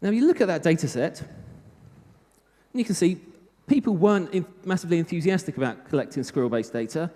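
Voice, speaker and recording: A man's voice: on the high side, lively intonation, quick pace, hardly any pauses, dark tone. A British man giving a live technical talk at a conference, chatty with self-mocking humor. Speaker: conference speaker. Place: conference hall. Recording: reverberant hall.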